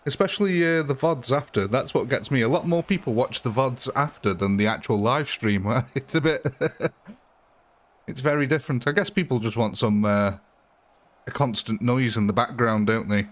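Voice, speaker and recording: A man in the middle of a live stream, talking casually at his computer while a battle game runs. His pitch sits around the middle for a man, and he chats loosely with viewers, thanks them and laughs easily. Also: moderate pace.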